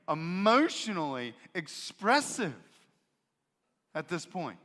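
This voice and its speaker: A male pastor preaching a sermon in a church, expressive and emphatic, switching into voices to act out quotes. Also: a little high, measured pace. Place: church sanctuary. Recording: reverberant church sanctuary.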